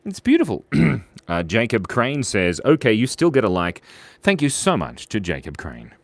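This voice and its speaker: A man, livestreaming as he draws. He chats playfully with viewers, reads out their names and gives shout-outs, and drops to a soft murmur while he draws. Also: lowish voice, wildly swooping pitch, normal speed, no echo. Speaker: streamer drawing live for viewers. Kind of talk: chatty live-stream drawing commentary.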